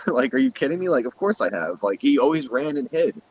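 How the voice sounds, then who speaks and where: A man tells a story in fast, heated bursts, swearing freely and acting out both sides of an argument. His voice sits at an ordinary middle pitch. The audio comes through muffled and lo-fi. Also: slightly rough. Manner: profane, heated, animated storytelling. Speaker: guest streamer. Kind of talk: casual storytelling.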